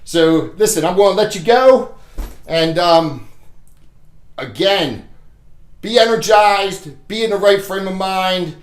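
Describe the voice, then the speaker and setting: Blunt high-voiced man giving a sales pep talk. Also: animated, takes it slowly, pauses often, reverberant. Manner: chuckles between points. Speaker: Medicare sales trainer. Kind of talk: casual motivational training talk.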